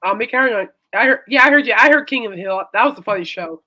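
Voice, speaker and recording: A woman's voice: on the high side, animated, fast talker, pushed and bright. A woman hosting a casual chat show, rambling and laughing often. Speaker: host.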